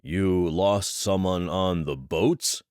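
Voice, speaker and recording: A man's voice: low voice, takes it slowly, a little mellow, smooth, no room sound, studio quality. A man playing a brash, callous billionaire. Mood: brusque. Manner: blunt, cursing, dismissive.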